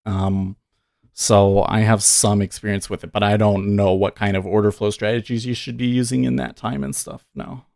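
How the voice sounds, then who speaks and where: A man in his thirties hosts a casual day trading livestream, his voice sitting a little low. He rambles earnestly, correcting himself as he goes. The sound is dry and close. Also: level tone, normal speed, creaky, a little mellow, no echo. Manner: rambling, earnest storytelling with frequent self-corrections.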